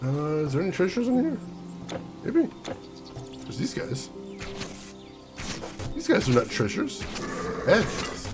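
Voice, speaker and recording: With music in the background, a young American man streams a game, speaking slowly and pausing often. His slightly high voice swoops wildly in pitch as he chats casually and mock-rants playfully at his viewers.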